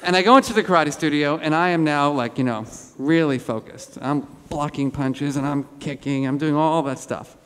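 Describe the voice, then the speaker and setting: A man giving an interactive keynote talk to an audience, animated and playful. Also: on the high side, normal speed, hardly any pauses, clean tone. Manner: animated, role-plays an upset teen with the audience. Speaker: keynote speaker. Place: large hall with audience. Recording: reverberant auditorium.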